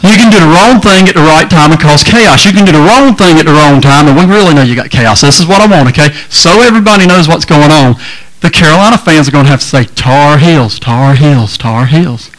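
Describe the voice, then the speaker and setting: A middle-aged preacher with a drawl works a big room. He sits a touch high for a man and keeps things folksy, teasing and full of crowd banter. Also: lively intonation, fast talker, fairly bright tone, rough recording. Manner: folksy, joking, crowd-engaging. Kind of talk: lively sermon to a youth crowd. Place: large hall with a crowd.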